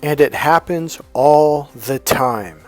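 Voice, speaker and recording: A man's voice: a little high, takes it slowly, darkish tone, faint music behind. A man coaching in a casual motivational monologue, talking conversationally with frequent restarts and quoted dialogue. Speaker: dating and healing coach.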